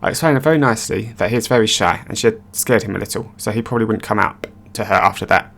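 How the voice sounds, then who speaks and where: A man giving scripted narration of online stories in a brisk, matter-of-fact reading voice. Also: on the low side, gravelly, a bit bright.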